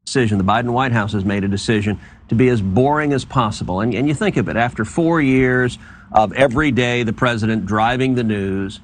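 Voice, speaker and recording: A man's voice: mid-range voice, fairly quick, slight background noise. A man making a political argument in an emphatic, repetitive way during a TV interview. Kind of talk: political talking points.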